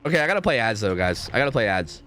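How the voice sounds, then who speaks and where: A young American man streaming a game, his voice leaping all over in pitch as he chats. He swears freely and talks to chat without pause. Faint music plays under him. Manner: chatty, profane, animated, reads chat aloud. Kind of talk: casual gaming stream chat.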